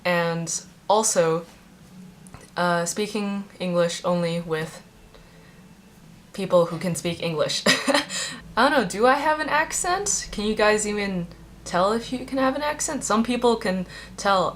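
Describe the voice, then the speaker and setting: A woman's voice: mid-range voice, expressive, measured pace, slight background noise. A young adult woman and native Chinese speaker, telling rambling, chatty stories in a casual vlog with many fillers. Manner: chatty and rambling, heavy use of "like". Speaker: vlogger.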